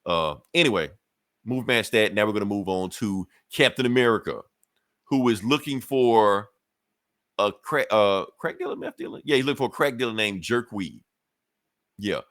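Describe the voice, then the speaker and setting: A man's voice: lowish voice, expressive, normal speed, a bit bright, no echo, clean studio sound. A man hosting a podcast, retelling a comic book issue in loose, profane, chuckling casual chat. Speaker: podcast host.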